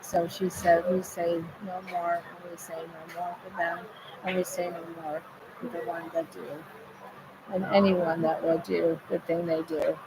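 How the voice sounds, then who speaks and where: Low, flat-voiced woman medium. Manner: repetitive, chant-like phrasing. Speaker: spirit medium relaying messages. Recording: steady background noise.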